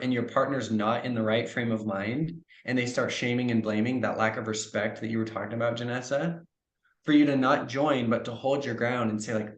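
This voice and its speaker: A man talks through relationship advice in a podcast chat, earnest and reflective. He slips into short example dialogues to make his point. His voice sits at a middle pitch and rings in an echoey room. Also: moderate pace. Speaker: trauma coach, podcast guest. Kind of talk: conversational podcast interview.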